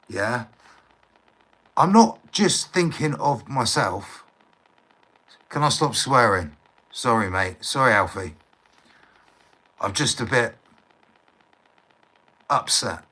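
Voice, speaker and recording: A middle-aged man rants to his live-stream viewers, swearing freely and checking that they agree. His pitch swings widely between low grumbles and sharp high outbursts, and he speaks slowly and deliberately. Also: expressive, breathy edge, low-quality recording. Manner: heated, swears often, repeats himself, asks for agreement. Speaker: livestreamer. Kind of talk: ranting live stream monologue.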